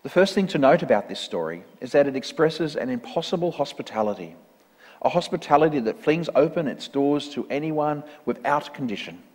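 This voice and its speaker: A man reading a parable aloud in a church service, in a measured, earnest storytelling manner. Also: fairly high pitch, animated, a little mellow. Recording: long church reverb.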